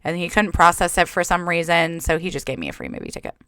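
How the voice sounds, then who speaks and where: A woman hosting a podcast, telling a story in casual chat with animated, profane delivery. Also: lowish voice, fast talker, smooth, no echo, studio quality. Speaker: podcast host.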